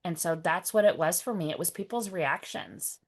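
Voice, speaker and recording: A woman's voice: on the low side, animated, moderate pace. A woman guest speaking candidly about her past, often quoting what others said to her. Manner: candid, wry, quotes others' words. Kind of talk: personal testimony.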